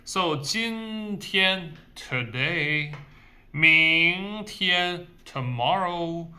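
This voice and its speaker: A man teaching tones in English, slowly and deliberately, drawing out example words. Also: a little high, expressive, sharp tone, clear, resonant tone. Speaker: Mandarin teacher. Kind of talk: short video language lesson.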